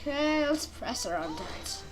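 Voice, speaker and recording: A woman's voice: sits high, very animated, a little slow, soft background music. A woman voicing an earnest young male defense lawyer in a game, indignant and casual.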